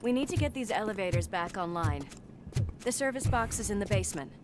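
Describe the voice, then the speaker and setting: A woman's voice: medium pitch, lively intonation, a little fast, lightly acted. An actress playing a dry, teasing female police detective in a game, heard with game music behind her. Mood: businesslike. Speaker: game character.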